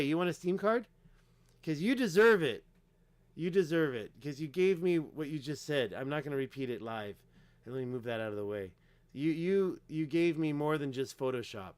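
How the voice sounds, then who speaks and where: Clicking through pages on a casual livestream, a man talks emphatically and rambles, leaning on lots of fillers. His voice is a little high and clean-toned, with no room sound.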